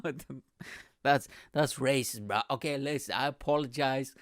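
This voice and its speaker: A young man hosting a comedy podcast, telling a story in an energetic, profane, rambling way. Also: mid-range voice, moderate pace, dry recording, studio quality. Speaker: podcast host. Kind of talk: casual comedic podcast monologue.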